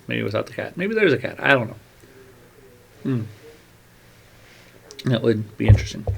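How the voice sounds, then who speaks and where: A man's voice: medium pitch, vocal fry. A man thinking aloud as he writes, meandering and trailing off, talking into a glove-covered mic with keyboard typing behind. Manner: meandering, muttering to himself, trailing off. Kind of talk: rambling think-aloud monologue.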